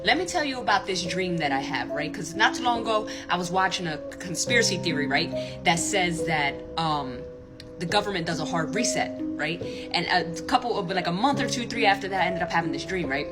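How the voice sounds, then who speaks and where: A woman's voice: lowish voice, lively intonation, a little fast, loud music behind the voice. A woman telling an earnest, rambling story-time tale in casual chat, swearing freely. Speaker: social media storyteller.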